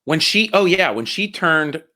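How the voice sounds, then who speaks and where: A man in his thirties, a comedian guest chatting casually and excitably, swearing and joking about his kids. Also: a little high, unhurried. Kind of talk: casual podcast chat.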